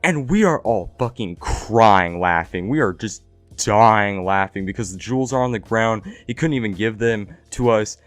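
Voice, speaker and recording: A man's voice: lowish voice, lively intonation, normal speed, dry recording. A young man casually telling a story, slangy and profane, with lots of "like" and "right?" fillers. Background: faint background music.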